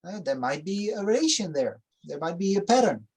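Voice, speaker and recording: A low, breathy woman speaks in short, measured teaching phrases over a video call. She stops after each one so an interpreter can follow. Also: sing-song, a little mellow. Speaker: missions course teacher.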